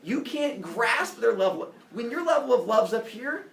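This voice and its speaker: A man's voice: extremely high pitch, very animated, moderate pace, gravelly, a crowd in the background. A man teaching a class, talking in a playful, theatrical way. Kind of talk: classroom lesson. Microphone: camera across the room. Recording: echoey classroom from far off.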